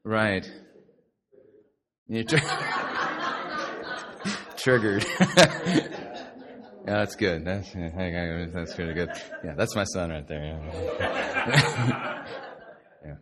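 Animated man preaching a sermon. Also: sits low, drawn-out words, long pauses, a crowd in the background. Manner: animated, sarcastic, mocks voices of others. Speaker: pastor.

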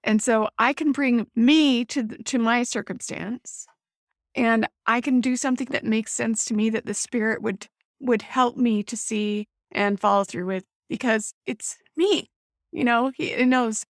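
With a fairly high voice and a measured pace, this host leads mothers in a faith-based conversation over video call. She's heartfelt and affirming, sometimes emotional, and the sound is clean and studio-quality with no echo.

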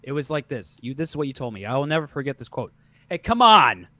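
A man co-hosting a casual podcast chat over a video call, animated and swearing, egging the others on. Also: medium pitch, racing, no room sound.

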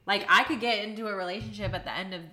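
A woman's voice: medium pitch, fairly even intonation, very fast, sharp tone. A young woman chatting casually as a podcast co-host, filling her talk with "like" and laughing often. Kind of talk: casual chat.

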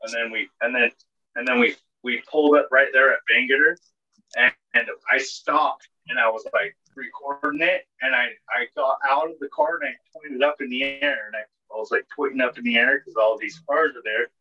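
A man's voice: mid-range voice, steady tone, normal speed. A man, co-hosting a podcast and telling a story in a casual, rambling way, full of filler words and swearing. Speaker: podcast co-host. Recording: dull lo-fi podcast audio.

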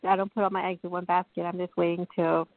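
A woman's voice: fairly low pitch, flat delivery, quick pace, no echo. A woman calling into a reading show, rambling and hesitant as she talks through her feelings. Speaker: caller. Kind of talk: phone call to a reading show. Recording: dry tinny phone line.

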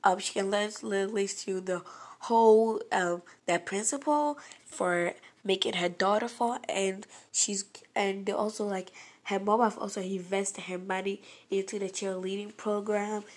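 A woman telling a dramatic personal story in an animated, rambling way. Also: medium pitch, measured pace. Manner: animated, rambling with fillers and restarts.

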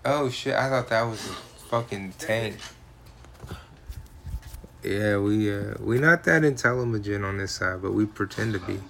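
A man's voice: fairly low pitch, measured pace, gravelly, fairly bright tone, slight background noise. A man, joking and swearing in casual chat while gaming. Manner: profane, joking, drawling.

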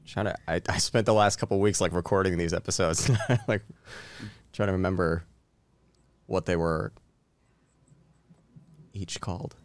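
Low smooth-voiced hesitant guest. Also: male voice, steady tone, measured pace, pauses often, no echo. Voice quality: hesitant, lots of uhs. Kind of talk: casual chat.

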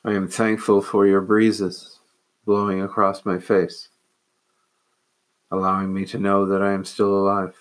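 Devout grateful woman in prayer, recited by a man; low, level voice, unhurried and soft. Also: completely flat delivery. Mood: reverent. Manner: slow, reverent, soft. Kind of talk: quoted prayer.

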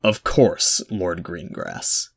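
Male reader doing a smug lord, pushy, a bit higher than his narration, audiobook. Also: extremely slow, creaky, exaggerated voice. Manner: smug, insistent.

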